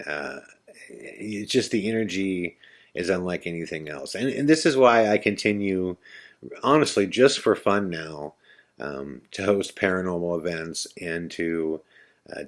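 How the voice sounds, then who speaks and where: Podcast host, male, deep voice, casual storyteller, chatty and animated. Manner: animated, relaxed storyteller with fillers.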